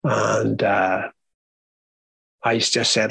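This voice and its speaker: A young Irish man, appearing as a guest in an interview, tells his own story in a low, husky voice. His delivery is flat, earnest, and halting, with frequent sentence restarts. The recording is dry, rough, and close-miked.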